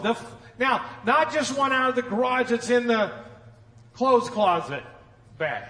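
High-voiced preacher in an echoey hall. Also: male voice, animated, measured pace. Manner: dramatic swings from loud emphasis to near-whispered drops; folksy humor. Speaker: pastor. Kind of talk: sermon.

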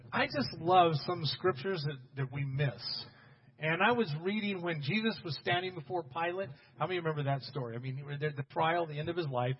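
A man preaching a sermon as pastor, talking straight to his congregation and building to loud, emphatic bursts. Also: a little high, slightly rough, big-room sound, dull audio.

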